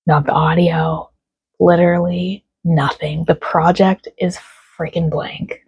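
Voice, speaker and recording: A young woman vlogging at home, her voice gravelly with a husky edge. She sounds frustrated and close to tears but keeps laughing it off. The sound is dry and close, with no room around it. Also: fairly low pitch, little pitch movement, takes it slowly, a little mellow, dry recording, highs cut off. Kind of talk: casual vlog chat.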